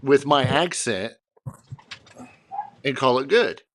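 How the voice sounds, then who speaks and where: A man's voice: medium pitch, animated, takes it slowly, a bit bright, no room sound. A man with an American accent, co-hosting a podcast in laid-back casual chat with dry humor. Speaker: podcast co-host.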